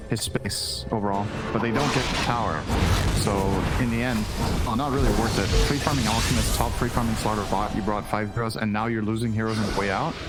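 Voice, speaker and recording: A man co-casting a live esports match, giving measured analysis with a dry, sarcastic humor. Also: lowish voice.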